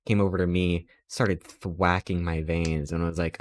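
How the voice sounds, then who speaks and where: Male streamer, low voice, casual rambling anecdotes with playful quoted asides. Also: fairly even intonation, normal speed, darkish tone, slight background noise. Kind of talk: casual chat while streaming.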